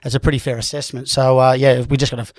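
A man's voice: medium pitch, level tone, fast, dry recording. A man co-hosting a club radio show, joking around with a player in casual sports chat. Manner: jokey, upbeat presenter.

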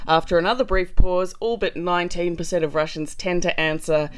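Woman with a lowish voice, deadpan ironic satire, dry studio sound. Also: brisk, few pauses, smooth, no room sound. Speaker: comedy news co-host. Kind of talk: scripted satirical news reading.

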